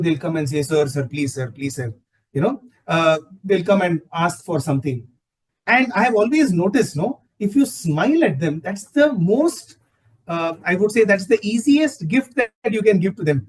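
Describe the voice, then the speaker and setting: Husky man giving a spiritual talk. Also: sits high, rough recording. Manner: storytelling, switches into Hindi phrases, frequent "you know". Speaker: satsang speaker.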